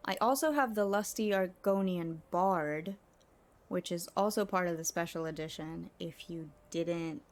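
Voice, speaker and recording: A woman game streamer chatting casually with her viewers in a soft-spoken, giggly way. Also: mid-range voice. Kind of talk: casual live-stream chat.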